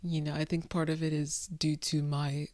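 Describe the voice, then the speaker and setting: A woman's voice: low voice, level tone, moderate pace, a little mellow, no echo. A woman in her twenties chatting candidly to camera at home, laid-back and drifting, laughing at herself and feeling the heat. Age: 20s. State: overheated. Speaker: vlogger. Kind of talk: candid casual chat to camera. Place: room at home.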